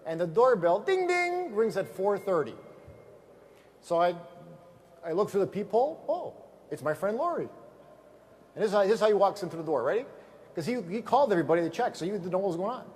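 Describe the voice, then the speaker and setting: A man giving a motivational seminar talk to a live audience, telling lively stories and asking the room questions. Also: sits high, fairly quick, long pauses. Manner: energetic storyteller, asks the audience questions. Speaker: business trainer.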